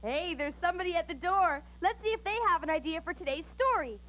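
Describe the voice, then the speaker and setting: A woman's voice: extremely high pitch, quick pace, fairly bright tone. A woman hosting and telling stories on a children's TV show, in a bubbly, sing-song way. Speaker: children's TV host and storyteller.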